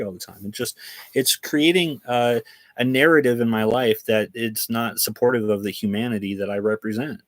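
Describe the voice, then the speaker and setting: A man's voice: medium pitch, moderate pace, no room sound. A man ranting bluntly on a livestream, frustrated and swearing as he talks. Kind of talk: livestream rant.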